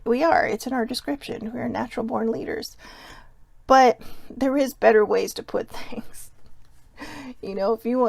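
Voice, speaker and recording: A woman hosting a casual self-help talk, chatty and rambling, with quiet asides slipped in. Her voice has a gravelly fry to it. The sound is close and dry, with no room around it. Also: fairly high pitch, no room sound. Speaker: host.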